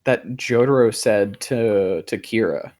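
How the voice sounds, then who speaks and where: A man's voice: lowish voice, takes it slowly, darkish tone. A young man co-hosting a podcast, talking in a casual, rambling way, full of fillers, restarts and offhand swearing. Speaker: podcast co-host. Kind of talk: casual chat.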